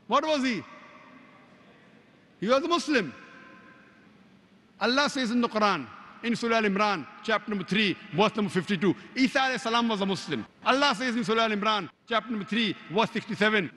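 High-voiced man preaching in a reverberant hall. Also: bright, forceful tone. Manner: emphatic, cites scripture verses by number; recites Arabic verses rapidly. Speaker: Islamic preacher. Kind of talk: religious lecture.

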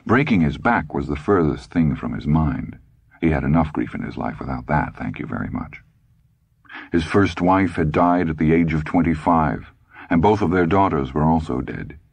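A man's voice: extremely low pitch, lively intonation, normal speed, slightly rough, no room sound. A man reading a novel aloud as an audiobook narrator, with a dry, wry storytelling manner.

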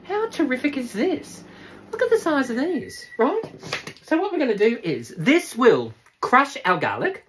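A woman's voice: high-pitched, big pitch swings, unhurried, a little hiss or hum. A woman, chatty and laughing often as she demonstrates cooking to viewers, now and then breaking into sing-song.

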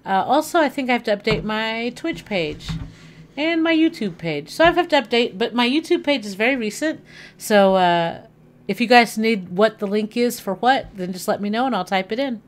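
A woman's voice: on the high side, moderate pace, slight background noise. Chatty woman streaming a video game. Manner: chatty, animated, thinking aloud while playing. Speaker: livestreamer. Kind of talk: casual gaming livestream chat. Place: home living room.

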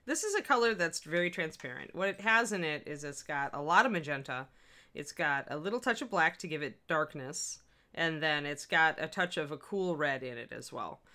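A middle-aged woman with a notably low voice hosts a casual live-stream lesson. She talks in a chatty, upbeat way and greets her viewers by name as she works at her painting desk. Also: expressive, moderate pace, bright, forceful tone. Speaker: miniature painting instructor, stream host.

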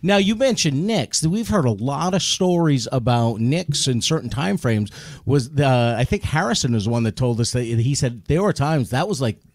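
Relaxed male co-host, dry close sound. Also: mid-range voice, normal speed, dry recording. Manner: asks questions, relaxed. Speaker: podcast co-host. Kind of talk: casual interview chat.

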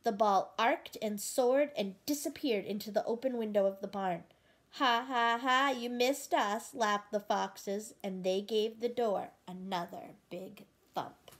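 A woman reads a children's picture book aloud at a slow, easy pace. She stays gentle and keeps stopping to ask the listener what will happen next. Her voice sits at a middle pitch. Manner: gentle, asks the listener questions. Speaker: storybook reader.

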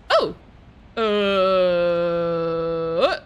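A woman's voice: high voice, very animated, moderate pace, sharp tone. A young woman with a Dutch accent giving live gameplay commentary, jumpy and shrieking and laughing at scares. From Netherlands. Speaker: streamer.

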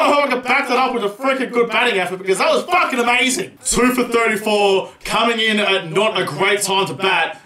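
A young man giving live gameplay commentary, excitable, swearing often and shouting at big moments. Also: sits high. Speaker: gaming channel host. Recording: roomy echo.

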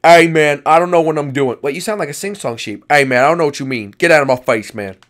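Grumpy male sheep , voiced by a man, loud, quick, brusque. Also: on the high side, lightly acted. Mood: rude. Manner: brusque, dismissive. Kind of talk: Minecraft roleplay commentary.

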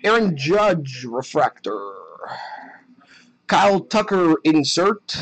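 A young man chatting casually while opening trading card packs on a live break, excited at the hits and muttering asides. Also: on the high side, normal speed, pauses often, rough recording.

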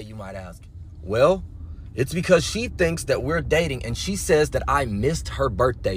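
A young man telling a story to camera in a casual, animated way, full of slang and nervous laughter. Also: fairly high pitch, breathy edge. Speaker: TikTok storyteller.

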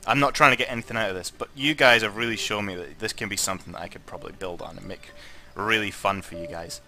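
A young Scottish man commentating on his own gameplay, tipsy, sweary and jokey, swinging between muttering and excited shouting. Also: fairly low pitch, fast talker. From Scotland. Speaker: gaming YouTuber.

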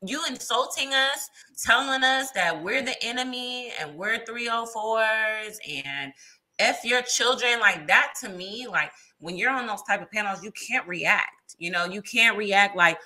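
A young woman guest in a casual interview, her voice very bright and sitting a little high. She hesitates with fillers and restarts, then jumps up sharply when she quotes others. Her delivery is animated throughout. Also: measured pace. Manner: animated, acts out quoted lines with big pitch jumps. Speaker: guest panelist.

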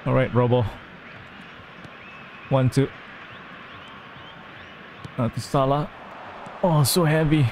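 Slow-talking man commentating his football game. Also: fairly high pitch, sing-song, a little mellow, a little hiss or hum. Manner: talks to himself, groans and cheers at plays. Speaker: gamer. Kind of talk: gameplay commentary.

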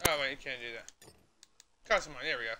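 A man streaming a video game, chatting casually in a rambling, halting way with lots of fillers and restarts. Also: medium pitch, heavy background noise. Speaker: gaming livestreamer. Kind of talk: casual gameplay commentary.

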